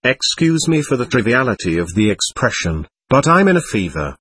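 A man's voice: mid-range voice, sing-song, normal speed, a bit bright, slightly rough, no echo. A man doing a frantic, desperate young man. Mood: pleading. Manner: frantic, pleading, overly polite. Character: desperate, nervous young man begging for money.

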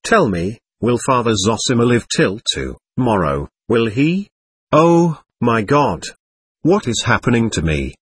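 A man reading aloud, voicing an anxious, effusive middle-aged aristocratic lady who talks rapidly and nervously. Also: mid-range voice, very animated, husky, no room sound. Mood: gushing.

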